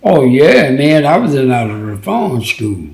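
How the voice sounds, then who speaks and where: A man's voice: mid-range voice, big pitch swings, measured pace, a little mellow, echoey room, poor audio. An older man from Louisiana telling stories from his youth in a loose, rambling way, full of "you know" and "right?" fillers, as an interview guest. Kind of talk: casual storytelling.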